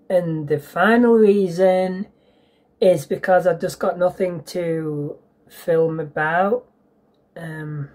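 A woman chatting to her camera at home for a casual vlog. She talks slowly and hesitantly, with plenty of ums and pauses. Her voice is low and mellow. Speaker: vlogger. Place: at home indoors. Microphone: handheld camera.

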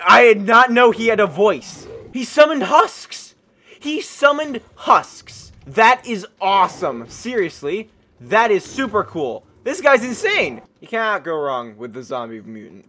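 A man hosting a gaming channel, giving excited gameplay commentary that breaks into shrieks, gasps and laughs. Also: high-pitched, measured pace, a little hiss or hum. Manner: animated and exclamatory.

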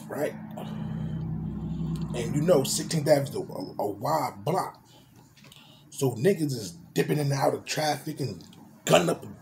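Animated storyteller making engine and tire noises. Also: male voice, on the high side, creaky, slight background noise. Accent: New Jersey. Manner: vivid street slang, mimics cars and horns. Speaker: vlogger telling a story. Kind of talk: animated storytime with sound effects.

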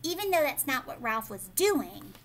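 A woman teacher reading a picture book aloud, pausing to explain the pictures and ask young listeners questions. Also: sits high, big pitch swings, fairly bright tone, slight background noise. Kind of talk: children's read-aloud storytelling.

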